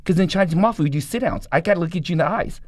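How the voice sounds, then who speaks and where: In a conversation, a former gang member tells his personal story bluntly and profanely, rattling it off fast. The man's voice is high-pitched, and the recording is dry.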